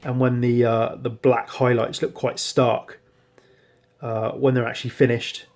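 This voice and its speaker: Relaxed man rambling casually. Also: mid-range voice, measured pace. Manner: relaxed, rambling, frequent ums and self-corrections. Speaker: hobbyist showing painted miniatures. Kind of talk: casual show-and-tell narration.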